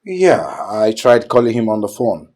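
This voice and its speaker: A man's voice: lowish voice, expressive, normal speed, darkish tone, no echo, lightly acted. A Nigerian man in a film drama, talking casually and complaining. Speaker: housemate of the woman's boyfriend.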